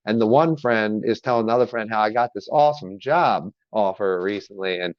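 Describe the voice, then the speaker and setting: A man's voice: on the low side, a little fast, no room sound, dull audio. A man telling a story in a loose, profane way, chatting casually as a podcast guest. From Maryland, US. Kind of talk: casual chat.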